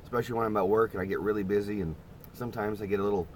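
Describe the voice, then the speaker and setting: A middle-aged man vlogs on a live stream from inside a parked camper van, rambling casually to his viewers. His voice is on the low side and fairly even in intonation, delivered rapid-fire over a slight hiss or hum.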